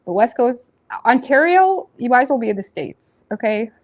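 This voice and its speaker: A woman with a Nova Scotian accent doing a tarot reading in a rambling, casual chat, full of fillers and self-corrections, blunt and quick to laugh. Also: fairly high pitch, very animated. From Nova Scotia, Canada. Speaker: tarot reader.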